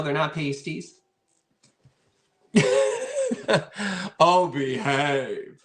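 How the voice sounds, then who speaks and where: Bright and forceful, this man's higher voice carries through a roomy-sounding room as he runs a live online vintage auction. He keeps things chatty and playful, calling out viewers by name as he presents each piece for sale.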